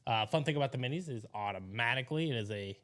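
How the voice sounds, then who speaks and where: A man co-hosting a live stream, energetically pitching to viewers in casual chat. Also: expressive, fast talker, a bit bright.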